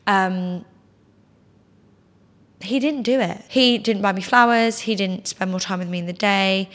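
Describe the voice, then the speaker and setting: A woman, casually telling a personal story as a podcast host, chatty and full of "like". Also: medium pitch. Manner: chatty, heavy use of "like", animated quoting. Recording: long hall reverb.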